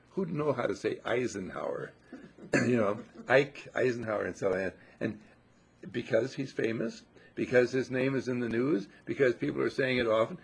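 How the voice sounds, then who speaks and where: Older male inspirational speaker, gravelly and warmly effusive, with big pitch swings on emphasis. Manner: effusive and affectionate, swoops up on emphasis. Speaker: spiritual speaker. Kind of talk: inspirational talk to a gathering.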